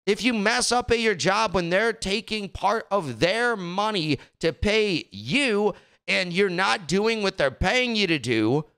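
A man hosting a casual commentary chat, ranting with exasperation and tripping over repeated words. His voice is higher than usual for a man and clear, with a bright, sharp edge. His pitch leaps around animatedly as he works himself up. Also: lively intonation, measured pace.

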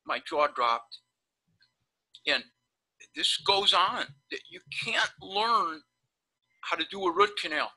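A man's voice: sits high, lively intonation, slow, long pauses, pushed and bright, low-quality recording. A man, a periodontist, telling rambling, blunt stories in a casual webinar chat over a video call. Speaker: periodontist guest.

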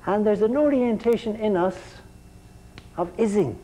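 A man's voice: high voice, unhurried, mellow, low-quality recording. A man giving a university lecture, often repeating his words as he restarts sentences and putting questions to the students.

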